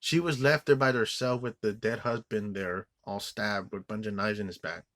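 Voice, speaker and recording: A man's voice: on the low side, steady tone, normal speed, a bit bright, no room sound. Angry man, swearing rant, stumbling restarts, dry close sound. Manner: angry, profane, rambling with many restarts. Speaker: film reviewer. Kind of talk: ranting movie review.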